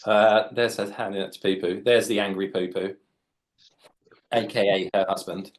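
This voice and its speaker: A chatty children's author and illustrator in his late 40s draws for kids in a live demonstration, joking and explaining along the way. His voice is on the low side, with fairly even intonation and a moderate pace.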